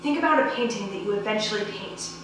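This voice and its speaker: An actress playing a playful ghost woman who lectures breezily and turns hushed and hypnotic, in a stage play. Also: medium pitch, animated, fast, close to an everyday voice. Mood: lecturing. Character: playful dreamy ghost woman, self-styled genius. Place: small theater stage. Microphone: distant room mic. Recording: echoey stage from far off, hum.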